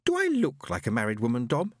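A man voicing a lively young woman, the hero's sister, in a high, sing-song audiobook character voice. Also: fast, dry recording, clean studio sound. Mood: bubbly.

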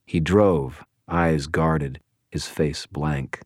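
A man narrating a first-person audiobook in a measured, dry storytelling manner. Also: a bass voice, no room sound.

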